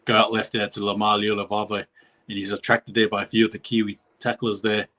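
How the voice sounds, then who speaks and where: A man's voice: on the low side, flat delivery, a little fast, pushed and bright. A man giving live play-by-play commentary on a match as a stream host, rambling and correcting himself, his voice jumping up at big plays.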